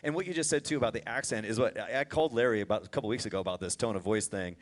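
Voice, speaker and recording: A man's voice: lowish voice, very fast. A man who owns a brokerage, speaking on a discussion panel and explaining his points emphatically. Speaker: brokerage owner.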